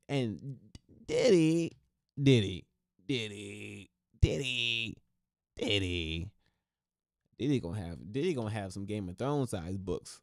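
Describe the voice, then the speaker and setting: A low-pitched male podcast host talking in an easygoing, slangy way and repeating phrases for punch. His voice sits close to the microphone in a dry, unechoing space. He comes across as animated and joking. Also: no room sound. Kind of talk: casual commentary.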